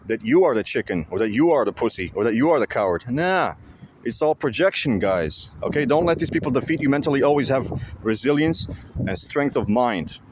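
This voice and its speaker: A man talks straight to his viewers from outdoors beside a lake. His delivery is intense and repetitive, laced with swearing, at a middling pitch. A faint outdoor hiss sits under his voice. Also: lively intonation, a little fast. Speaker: vlogger. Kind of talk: casual monologue to viewers.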